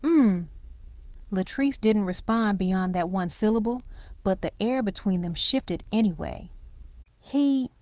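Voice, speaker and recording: A woman's voice: medium pitch, normal speed, darkish tone, no room sound. A woman narrating a hospital drama story, voicing each character's lines herself.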